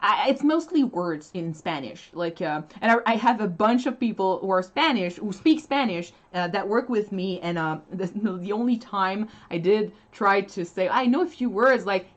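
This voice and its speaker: A woman's voice: medium pitch, lively intonation, normal speed, hardly any pauses, muffled recording. A woman, a native French speaker with a French accent, chatting casually as a livestream co-host, laughing often and restarting her sentences. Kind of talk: casual chat.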